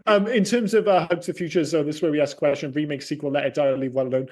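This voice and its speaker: Animated sweary man, higher voice. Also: racing. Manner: animated, sweary, swings up in pitch when excited. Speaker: podcast co-host. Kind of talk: casual film podcast chat.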